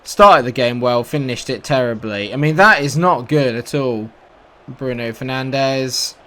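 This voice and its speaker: A young British man, a gaming YouTuber, commentates live on his own football video game match, frustrated and sarcastic. He swears and bursts out sarcastically in a British English accent. His mid-range voice is pushed and bright, and he speaks a little slowly.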